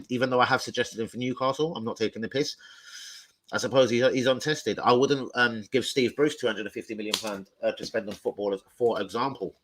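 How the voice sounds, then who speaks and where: A young man ranting live about football to his viewers, loud, sweary and jokey. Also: medium pitch, poor audio. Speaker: football fan livestreamer.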